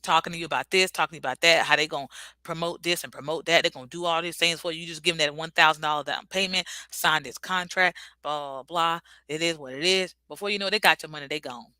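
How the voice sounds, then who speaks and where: A woman's voice: deep voice, fast, sharp tone, no echo. A woman vlogger giving a casual, earnest and reflective motivational talk.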